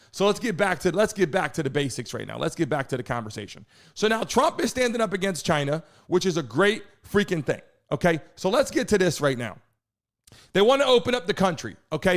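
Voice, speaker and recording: Jersey-raised guy ranting on his live show, high voice, swoops up and down, swears a lot. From New Jersey. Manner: ranting, indignant, profane. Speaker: political talk show host. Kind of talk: heated live-stream commentary.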